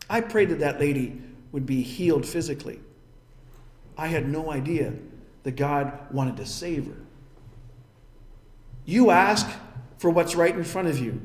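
A man's voice: fairly high pitch, lively intonation, a little slow, long pauses, echoey room. A man preaching a sermon as a pastor, telling a story in an earnest, emphatic way.

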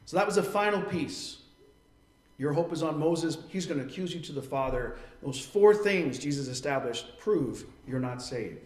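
A man's voice: on the high side, animated, moderate pace. Preaching man in an echoey room. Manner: earnest preaching, acting out quoted voices. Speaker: pastor. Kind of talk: sermon.

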